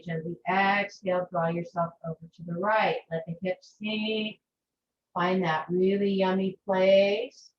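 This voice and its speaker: Gentle woman guiding a yoga class. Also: mid-range voice, a little hiss or hum. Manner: slow, gentle, soothing instructions. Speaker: yoga instructor. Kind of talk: guided yoga class cues. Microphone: video call. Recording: far-off, echoey, muffled video-call audio.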